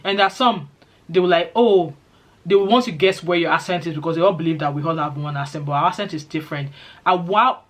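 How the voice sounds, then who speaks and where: A middle-aged woman from Nigeria with a Nigerian accent, chatting quickly and animatedly to her channel's viewers. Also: on the low side. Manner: fast-talking, lively storytelling. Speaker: vlogger. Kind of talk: casual chat to camera.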